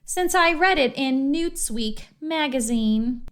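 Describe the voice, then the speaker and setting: A woman's voice: sits high, animated, slow pace, heavily acted. A woman voicing a bossy, confident young girl who talks in a breezy, teasing way.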